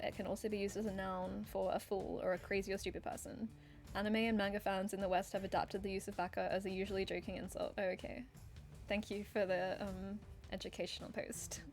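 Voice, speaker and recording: A woman from England playing a game on stream, chatty and jokey, with frequent swearing and asides. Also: medium pitch. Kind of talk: casual game commentary.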